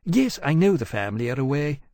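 A man playing an airy, boastful young gentleman. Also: medium pitch, big pitch swings, fairly quick, no echo, studio quality, pitched above the performer's own voice. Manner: airy, offhand.

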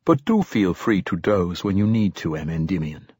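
A calm, courteous male android from a storybook , as a male narrator puts him on. He speaks softly, in a low, husky voice, and the recording is close and dry. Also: normal speed, no echo, exaggerated voice. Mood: gentle. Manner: soft and courteous. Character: calm, soft-spoken male android companion.

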